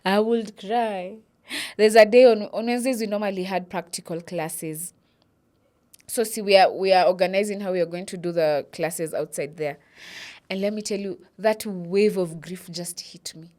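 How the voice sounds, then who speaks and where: A woman's voice: medium pitch, normal speed. A young Kenyan woman with a Kenyan accent, telling a personal story and switching between English and Swahili. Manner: animated, mixes English with Swahili, acts out quotes. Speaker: vlogger.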